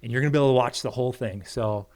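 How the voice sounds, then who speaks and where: A man, a podcast guest, telling a story in a casual, animated way and acting out the quoted lines. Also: racing. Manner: animated storyteller, acts out quotes with big pitch jumps.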